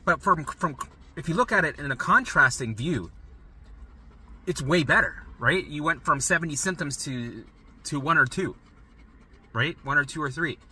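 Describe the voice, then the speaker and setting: A man's voice: a little high, animated, normal speed, pauses often, sharp tone, slightly rough. A middle-aged man coaching listeners on recovery in an emphatic monologue, often tagging sentences with "right?" and swearing casually. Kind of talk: motivational monologue.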